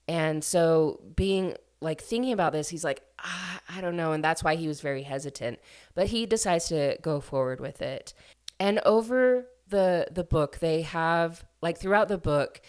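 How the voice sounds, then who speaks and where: Young woman w a low voice rambling through a book recap, lots of fillers. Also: darkish tone, smooth. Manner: chatty, many fillers and restarts. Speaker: book reviewer. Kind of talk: casual book review summary.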